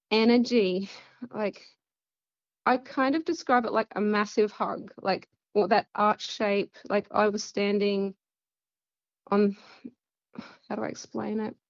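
A woman's voice: medium pitch, fairly even intonation, slow pace, pauses often, no echo, dull audio. A woman with an Australian accent, telling a personal story in a casual, rambling way full of fillers. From central west Queensland, Australia. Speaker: guest.

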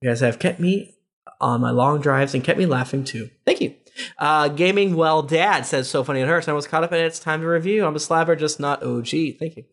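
A man hosting a podcast, reading listener reviews aloud with quick asides and laughter. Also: on the high side, a bit bright. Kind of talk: casual podcast chat.

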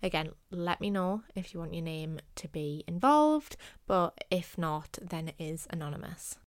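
A woman's voice: on the low side, lively intonation, unhurried, no echo. Earnest woman podcaster, dry sound. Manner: earnest, repeats points for emphasis. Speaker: podcast host. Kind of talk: casual solo podcast talk.

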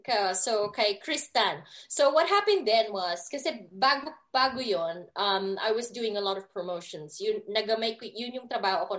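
A woman's voice: fairly high pitch, a bit bright. A woman from the Philippines with a Filipino English accent tinged with British, a podcast guest who chats animatedly, switches between Tagalog and English and laughs often. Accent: Filipino English with a British touch. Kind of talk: casual chat.

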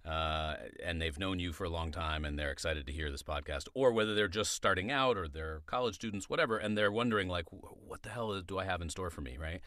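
Very deep, bright-toned male host. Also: brisk, few pauses, no room sound. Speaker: podcast host. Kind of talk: casual podcast interview.

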